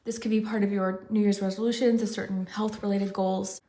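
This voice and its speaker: A woman's voice: medium pitch, flat delivery, fairly quick, dark tone. A woman giving a casual pick-a-card tarot reading, out of breath and rambling with lots of fillers. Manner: chatty, rambling, many "like" fillers. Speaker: tarot reader.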